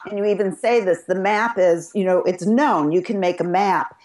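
A woman's voice: on the low side, normal speed, darkish tone. A woman co-host speaking with thoughtful enthusiasm in a casual interview chat.

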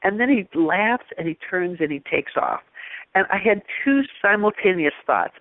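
A woman guest telling personal stories in a casual, animated way, often restarting and acting out the quotes. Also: mid-range voice, moderate pace, no echo. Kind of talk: casual storytelling conversation. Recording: tinny phone-like line.

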